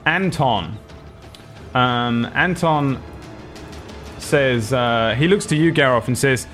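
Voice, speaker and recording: A man's voice: medium pitch, measured pace, a bit bright, soft background music. A young man narrating as game master in a tabletop game, rambling casually with lots of fillers and frequent laughs.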